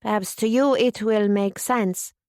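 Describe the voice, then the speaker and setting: A woman's voice: mid-range voice, steady tone, unhurried, a little mellow, dry recording, clean studio sound, natural voice. A woman voicing a thoughtful Polish refugee woman with a thick Polish accent, speaking carefully and formally. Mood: puzzled.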